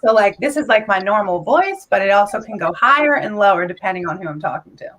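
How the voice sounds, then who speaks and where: A woman chatting as a guest on a video call, playful, with a stream of "like" and quick asides. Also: mid-range voice, animated, fairly bright tone, low-quality recording. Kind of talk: casual chat.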